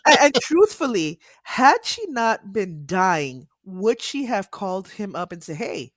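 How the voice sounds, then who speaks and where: A woman's voice: medium pitch, sing-song, measured pace, few pauses, no echo, clean studio sound. A woman co-hosting a podcast, talking casually about films in an outspoken, emphatic way. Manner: outspoken, emphatic, laughs easily. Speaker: podcast co-host. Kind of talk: casual film chat.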